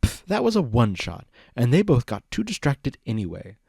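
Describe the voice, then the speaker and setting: A man's voice: mid-range voice, wildly swooping pitch, moderate pace, creaky, darkish tone, husky, no echo, clean studio sound, full character voice. A man voicing a mischievous, smug male chaos spirit in a storybook reading, teasing and drawn out.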